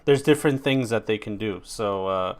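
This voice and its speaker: A man's voice: lowish voice, normal speed. A man hosting a podcast, chatting casually and rambling with lots of filler words and the odd swear. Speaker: podcast host. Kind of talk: casual chat.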